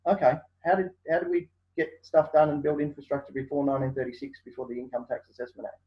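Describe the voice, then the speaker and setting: Speaking fast in a mid-range voice, a male guest on a casual interview spins animated stories, voicing other people's words and leaning on lots of fillers. The audio is dull and lo-fi.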